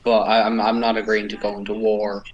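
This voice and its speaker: A man's voice: fairly low pitch, completely flat delivery, fast, lo-fi sound, heavy background noise. A man playing his character in a tabletop game, earnest and hesitant, often stammering. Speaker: player.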